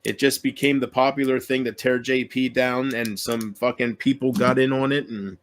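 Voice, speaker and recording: A man's voice: medium pitch, fairly even intonation, moderate pace. A man YouTuber in an emotional solo rant to his viewers, aggrieved and self-pitying, swearing often and trailing off mid-sentence.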